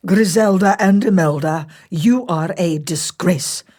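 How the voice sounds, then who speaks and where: A woman voicing a stern, sensible baron, pitching her voice lower and speaking in a measured way. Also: a little mellow. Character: gruff, sensible baron, middle-aged man.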